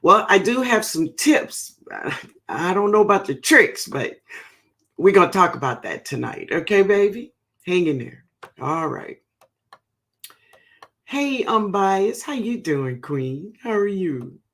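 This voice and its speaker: A woman greets her livestream viewers one by one, calling them baby and honey. She talks at an easy, unhurried pace. Her voice has a gravelly, fry-tinged edge. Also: medium pitch, very animated, a bit bright. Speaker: host of a gardening livestream.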